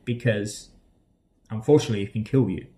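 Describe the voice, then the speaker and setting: An Australian man talks casually to camera in a vlog, wandering from point to point. His speech is full of ums, uhs and restarts, but his pitch sits in an ordinary middle range. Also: fairly quick, warm tone. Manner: rambling and hesitant, with many ums and uhs. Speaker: vlogger.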